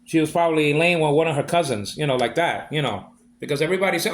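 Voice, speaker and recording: A man's voice: fairly high pitch, fast talker. A man ranting in a monologue, aggrieved and repeating himself as he vents. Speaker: vlogger.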